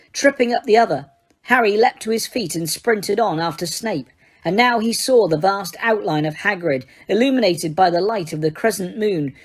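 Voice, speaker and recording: Woman reading a fantasy audiobook, steady dramatic storytelling, middle pitch. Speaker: audiobook reader. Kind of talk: audiobook narration.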